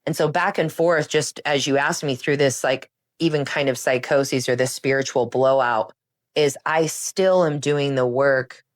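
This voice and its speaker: Low-pitched woman guest rambling through her story, lots of laughing and restarts. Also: unhurried. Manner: animated, laughs often, breaks off and restarts sentences. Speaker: podcast guest. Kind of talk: casual interview storytelling.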